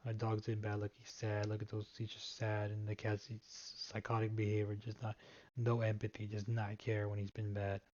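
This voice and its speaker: Flat-voiced man rambling through a joke slideshow. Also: on the low side, dry recording, muffled recording. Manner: rambling, halting, with frequent restarts. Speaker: presenter. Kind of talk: casual joke slideshow presentation.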